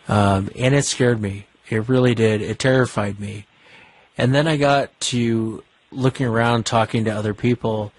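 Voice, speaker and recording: A man's voice: medium pitch, no room sound. A man hosting a call-in show, talking to a caller in an earnest, reassuring way and repeating phrases for stress. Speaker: host. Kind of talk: talk radio chat.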